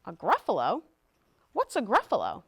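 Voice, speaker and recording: A woman voicing a sly, hungry fox in a picture book, smooth and coaxing. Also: medium pitch, huge pitch swings, moderate pace, heavily acted.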